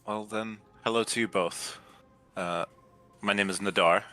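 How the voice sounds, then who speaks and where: Man, tabletop player, blunt in character, lowish, bright, forceful. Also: steady tone, measured pace. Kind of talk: casual tabletop role-play.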